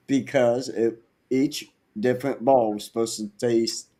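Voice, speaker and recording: A man's voice: medium pitch, measured pace, few pauses, a little mellow. A man co-hosting a podcast, chatting casually and chiming in often with short agreeing replies. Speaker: podcast co-host. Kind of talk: casual chat.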